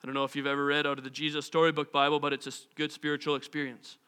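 A man's voice: a little high, flat delivery, rapid-fire, sharp tone, clear, resonant tone. A man in his thirties preaching a sermon, a pastor who acts out the voices of the people in his stories.

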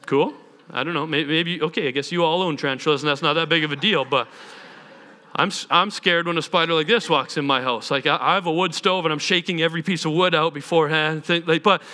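Bright-voiced man preaching on stage. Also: a little high, fast talker. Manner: animated, self-deprecating, conversational. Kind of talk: sermon with personal storytelling. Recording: long hall reverb.

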